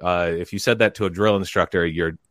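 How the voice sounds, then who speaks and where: A man telling a long story in casual chat, rambling and animated, and bursting into loud quoted lines. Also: low-pitched, fairly quick, no room sound, clean studio sound. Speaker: podcast guest telling a story.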